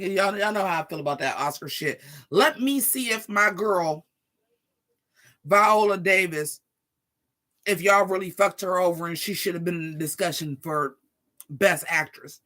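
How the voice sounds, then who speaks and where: Vlogger, 40s, sassy profane rant to camera, crisp bright tone. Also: medium pitch, moderate pace. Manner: profane, sassy, animated, talks straight to viewers.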